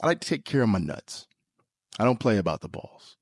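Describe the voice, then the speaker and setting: A man hosting a podcast, joking through a comedic monologue with sudden leaps into high squeaky tones. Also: big pitch swings, a little fast, husky, dry recording, studio quality. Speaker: podcast host.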